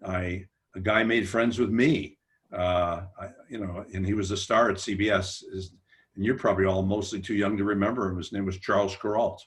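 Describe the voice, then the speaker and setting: Older male humor writer, very low voice, rambling self-deprecating anecdotes on a panel. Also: steady tone, moderate pace. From United States. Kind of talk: relaxed anecdotal storytelling.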